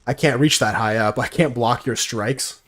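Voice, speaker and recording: A man's voice: mid-range voice, moderate pace, a bit bright. A young man giving casual gameplay commentary, brash and profane, mocking as he tells stories. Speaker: gaming streamer.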